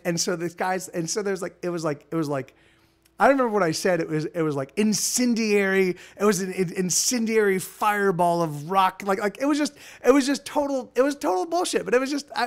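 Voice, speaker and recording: A man hosting a casual live stream, telling rambling, profane stories with lots of restarts. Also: high-pitched.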